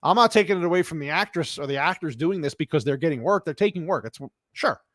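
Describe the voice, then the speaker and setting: A streamer with a slightly high, fairly bright voice and lively intonation talks quickly while answering his live chat, ranting bluntly and crankily with plenty of swearing. The sound is clean studio quality with no echo.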